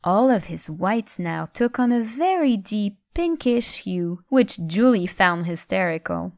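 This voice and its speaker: A woman narrating a scripted story in a steady, even storytelling manner on a close mic. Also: mid-range voice, measured pace, dry recording. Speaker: audiobook narrator.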